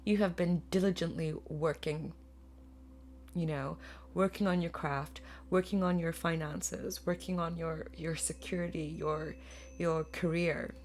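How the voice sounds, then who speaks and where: A woman giving a spoken tarot reading to her viewers, earnest and emotional, often pausing to search for words. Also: fairly low pitch, fairly even intonation, darkish tone, slight background noise. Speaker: tarot reader.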